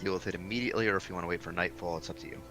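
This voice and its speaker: Game master, male, deep but bright tone, easygoing narration, faint music behind. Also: fairly even intonation, very fast.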